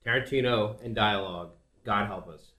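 A man's voice: lowish voice, moderate pace, bright, forceful tone, reverberant. A man co-hosting a podcast in casual chat, making dry, sarcastic quips. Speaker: podcast co-host.

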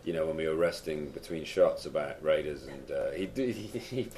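A man who is a guest actor, chatting on a podcast in a halting, stumbling way that turns eager. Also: very deep voice, a little mellow, a little hiss or hum. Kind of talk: casual podcast conversation.

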